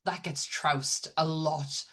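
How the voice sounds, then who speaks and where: Blunt, low-voiced woman podcast host. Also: steady tone, takes it slowly, fairly bright tone, breathy edge. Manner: blunt and chatty, swears freely. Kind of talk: casual chat.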